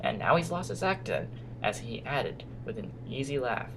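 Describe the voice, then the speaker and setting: A man's voice: medium pitch, very animated, moderate pace, vocal fry, fairly bright tone, a little hiss or hum. A man casually reading out a game and bantering with a friend, teasing and exasperated. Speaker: gamer narrating a playthrough. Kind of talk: casual let's-play commentary.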